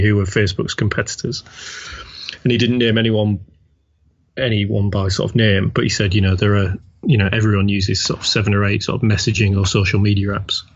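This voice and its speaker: Man, podcast co-host, husky, low voice, dry wry remarks, dull lo-fi sound. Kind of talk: casual chat.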